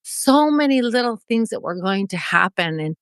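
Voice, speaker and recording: A woman's voice: medium pitch, expressive, normal speed, clear, resonant tone, no echo. A woman in her forties from Mexico, a podcast guest telling an emotional personal story and acting out the dialogue. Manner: vivid, acts out remembered dialogue.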